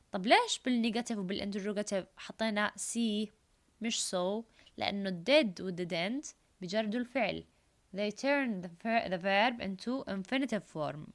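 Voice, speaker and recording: A woman, an Arabic speaker, teaching an English lesson. She reads the exercises aloud, repeats key phrases and explains grammar in Arabic. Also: mid-range voice. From Jordan. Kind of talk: recorded classroom lesson.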